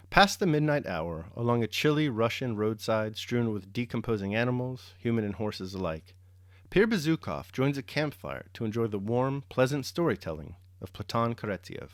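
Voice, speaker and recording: A man reads a classic novel aloud in a measured, steady manner, then turns to his own reflections as host. His voice sits at an ordinary mid pitch. The sound is dry and close, with no room echo. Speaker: reader and host. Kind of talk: audiobook-style novel reading.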